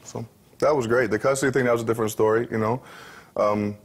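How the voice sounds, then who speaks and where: A man's voice: medium pitch, steady tone, fast, slightly rough. A man in his thirties, a professional football player, talking candidly and easily as an interview guest, with many fillers and restarts. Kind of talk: relaxed interview talk.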